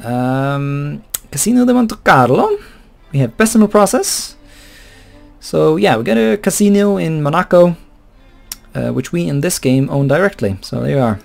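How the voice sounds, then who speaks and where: A man's voice: a little high, lively intonation, moderate pace, gravelly, a little mellow, faint music behind. Chuckling man narrating gameplay. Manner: rambling, chuckling, swears casually. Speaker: let's play host. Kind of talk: casual gameplay commentary.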